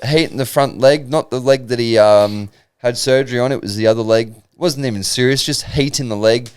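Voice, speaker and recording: A man's voice: medium pitch, a little fast, a little mellow, clear, resonant tone, no room sound, studio quality. A young Australian man co-hosting a podcast, chatting in a rambling, laid-back way. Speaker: podcast co-host. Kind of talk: casual chat.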